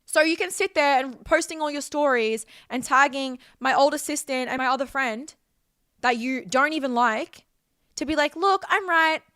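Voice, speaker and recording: A woman's voice: high-pitched, normal speed, fairly bright tone, no room sound, clean studio sound. A woman, talking straight to camera in a heated, swear-filled, emotional rant. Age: 20s. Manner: heated, profane, emotional outpouring. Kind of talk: direct-to-camera vlog rant.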